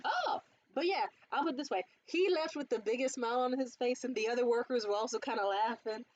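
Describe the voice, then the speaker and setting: A young woman in casual vlog chat about a beauty haul, animated and swearing freely, jumping up high when quoting others. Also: a little fast, dull audio. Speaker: beauty vlogger. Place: bedroom.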